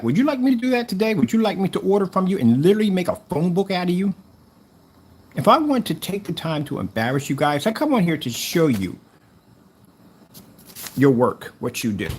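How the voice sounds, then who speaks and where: A man's voice: fairly high pitch, darkish tone, a little hiss or hum. A man delivering a mocking, repetitive callout rant against a rival seller. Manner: taunting, mocking, repeats himself. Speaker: YouTuber calling out a rival seller.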